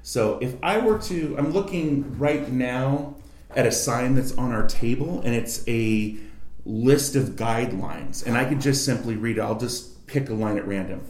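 A man's voice: medium pitch, a little slow, darkish tone. A man, a voice actor, explaining reading technique as a guest in a library study room. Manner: coaching, demonstrates reading aloud. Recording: roomy echo.

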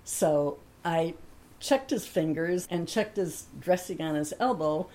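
A woman's voice: lowish voice, lively intonation, takes it slowly, a little mellow. Chatty woman telling a personal story. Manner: chatty, laughs often, acts out the other voices in her stories.

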